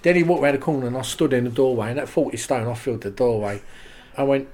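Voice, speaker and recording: A man, a podcast guest telling lively showbiz stories and quoting the people in them. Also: mid-range voice, fast. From England. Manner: animated anecdotes with quoted voices and laughs. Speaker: interview guest. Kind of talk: casual storytelling.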